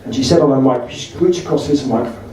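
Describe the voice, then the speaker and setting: Man, telling party stories, laughs at his own jokes, mellow tone, far from the mic. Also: medium pitch, fast talker, slight background noise. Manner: chatty anecdotal delivery, laughs at own punchlines. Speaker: party speaker telling anecdotes. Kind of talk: storytelling speech. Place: party hall. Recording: echoey room recorded from far off.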